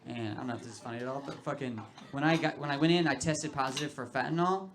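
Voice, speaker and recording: A man's voice: mid-range voice, quick pace. A young man performing a loose, casual stand-up set, swearing and acting out quotes on a club stage. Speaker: stand-up comedian. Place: comedy club stage with laughing audience. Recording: live club recording with audience noise.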